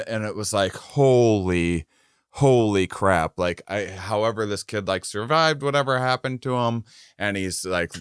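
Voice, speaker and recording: A man in his thirties tells a rambling comic anecdote on a podcast, taking his time and circling back over his words. His voice is smooth and clear, and the sound is dry and close, with no room echo. He laughs his way into the punchlines. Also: lowish voice. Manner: rambling storyteller with many restarts, laughs into punchlines. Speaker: podcast co-host. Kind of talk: comedic storytelling.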